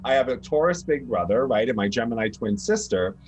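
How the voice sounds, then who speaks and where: A man, an astrologer guest, talking casually and profanely in quick animated bursts from a bedroom over a call. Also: medium pitch, breathy edge, highs cut off. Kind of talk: casual podcast chat. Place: grandmother's house bedroom.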